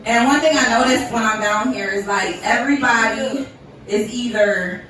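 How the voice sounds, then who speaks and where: On a comedy club stage, an Ohio woman does a profane stand-up set, brash and laughing at her own jokes as a live crowd laughs. Her voice is fairly high and a bit bright at a moderate pace. The echoey room is miked from a distance, with slight background noise.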